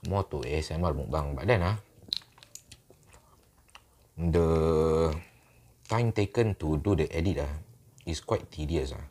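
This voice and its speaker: A Singaporean man with a low, deep voice chats loosely to camera as a food-review host. He talks in a relaxed, easygoing manner, dropping local particles into his sentences, recorded on a dedicated mic at home. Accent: Singaporean English. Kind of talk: casual mukbang chat. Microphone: dedicated microphone.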